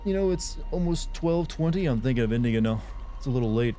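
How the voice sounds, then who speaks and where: Drowsy male game streamer, warm mellow tone, chatty and rambling, light music under him. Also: medium pitch, lively intonation, quick pace. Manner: rambling, self-interrupting, chatty. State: sleepy, yawning. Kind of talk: casual live-stream chat to viewers.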